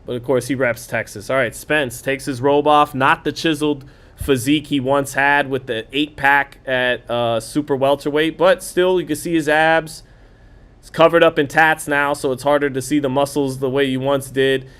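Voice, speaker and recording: A man's voice: medium pitch, level tone, a bit bright, clear, resonant tone. Chatty male live boxing commentator. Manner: casual, chatty, reads viewer comments aloud; quick play-by-play calling of punches. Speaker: boxing commentator and stream host. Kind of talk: live round-by-round fight commentary.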